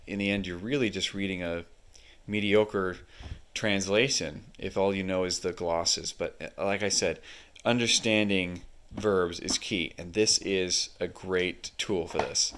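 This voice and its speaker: A man with a very deep voice talks through a book page by page. He explains at an easy pace and fills his pauses with ums and uhs, like a casual hobby reviewer. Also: steady tone, a bit bright, slight background noise. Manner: unhurried, explanatory, many fillers.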